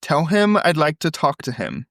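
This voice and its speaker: A man voicing an excitable, eager father who butts in on a phone call. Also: on the high side, moderate pace, gravelly, no echo, studio quality, voice pushed up, exaggerated voice.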